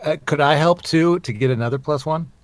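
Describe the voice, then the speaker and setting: A man's voice: a little high, fairly quick. A man player in a tabletop game, describing his character's moves hesitantly. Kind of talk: casual tabletop play.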